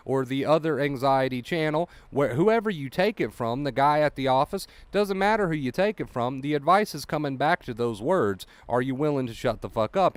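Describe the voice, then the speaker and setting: A man's voice: medium pitch, smooth, dry recording. A man coaching anxious listeners in a blunt, profane monologue. He drives home each point by repeating it. His voice sits in an ordinary middle range, recorded dry and close. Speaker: anxiety recovery coach.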